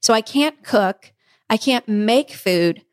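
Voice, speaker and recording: A pregnant woman co-hosting a podcast, telling a story in a casual, animated way with frequent laughs. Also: on the high side, slow pace. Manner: animated, laughing often, acting out family members' lines. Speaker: podcast co-host.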